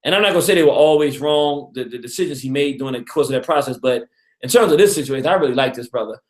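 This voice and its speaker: A man hosting a casual radio talk on history, an animated storyteller who chuckles often and acts out quotes. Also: medium pitch, fast talker, roomy sound. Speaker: radio show host.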